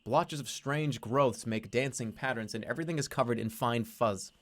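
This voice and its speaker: Streaming a text adventure, a man with a medium-pitched voice and moderate pace reads the game's narration aloud. He breaks off into playful commentary, swearing casually and laughing at himself.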